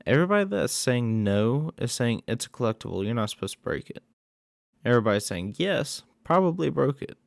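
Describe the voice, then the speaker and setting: A man's voice: medium pitch, very animated, a little fast, creaky, no room sound, clean studio sound. A man casually recapping a horror movie plot in a rambling way, with many fillers and asides.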